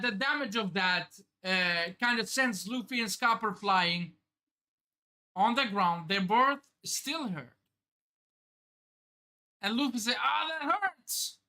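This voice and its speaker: A woman's voice: medium pitch, sharp tone. A woman hosting a live manga reaction stream, thinking aloud, exclaiming, swearing and laughing as she reads. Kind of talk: excited live reaction commentary.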